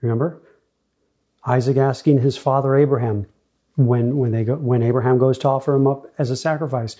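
A man's voice: medium pitch, fairly even intonation, a little fast, warm tone, dull audio. A man preaching a sermon, reading scripture aloud and addressing the congregation as brothers and sisters.

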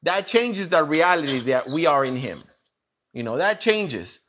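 A man gives a relaxed, informal sermon in an unhurried way, his voice rising and falling widely. His tone is bright and edged, and he leans on repeated phrases to drive each point home. The recording is muffled and lo-fi. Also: fairly high pitch, slight background noise. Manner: animated, repeats phrases for emphasis. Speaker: preacher.

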